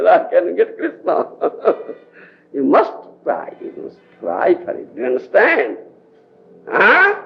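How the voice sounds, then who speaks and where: An Indian man with an Odia accent, a spiritual teacher, lectures devotees on scripture in a gravelly voice that sits high and swings hugely in pitch. He goes slowly with long pauses, stays emphatic, laughs often and asks whether the audience understands. The recording is dull 1980s lo-fi tape.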